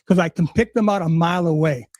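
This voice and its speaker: A middle-aged man tears into his critics in a combative, sarcastic rant, full of swearing. His voice sits high for a man, and the sound is dry and close with no room around it. He talks straight at the listener. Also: quick pace, darkish tone, no room sound. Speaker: livestream guest. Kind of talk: profane ranting monologue.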